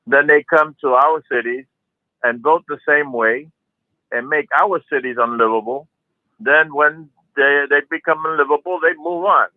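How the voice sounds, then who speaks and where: A man's voice: fairly high pitch, moderate pace, no echo. A man from Florida calling into a talk radio show, speaking emphatically and repeating words. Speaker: radio caller. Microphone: telephone. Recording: phone line.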